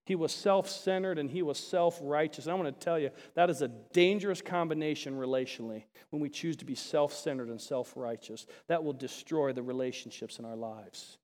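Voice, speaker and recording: Guy preaching in a church, highish voice, big hall reverb, gets loud then drops to almost nothing, lots of "right?". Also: brisk. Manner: emphatic, swinging between loud and hushed; rhetorical questions to the congregation. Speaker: pastor. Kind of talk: sermon. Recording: long reverb of a large hall.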